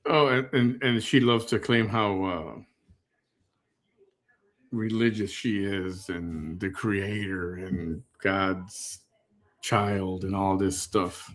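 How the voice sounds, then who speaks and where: A man's voice: low-pitched, fairly even intonation, slow pace. A man hosting, commenting on a replayed clip in a wry, critical, laid-back way. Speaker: commentary host. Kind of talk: casual commentary.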